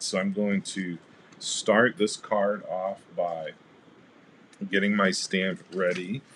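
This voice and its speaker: Male craft livestream host, low voice, easygoing and chatty with viewers; light room noise. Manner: chatty, greets live chat viewers by name; relaxed, rambling with fillers. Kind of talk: casual craft demo livestream.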